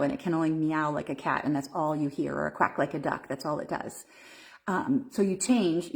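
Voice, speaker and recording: A woman's voice: on the low side, a little mellow. A woman coaching viewers during a live video stream, talking casually with frequent fillers and restarts. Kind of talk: Facebook Live talk.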